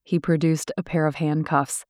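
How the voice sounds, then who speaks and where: A woman reading an audiobook in steady, descriptive scripted narration. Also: deep voice, normal speed, no echo, studio quality.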